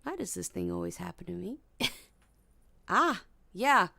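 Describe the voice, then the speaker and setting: A young woman hosting a casual livestream from her bedroom at night, startled, sometimes hushed and humming melodies high. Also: big pitch swings, a little slow, gravelly, dry recording. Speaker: livestream host.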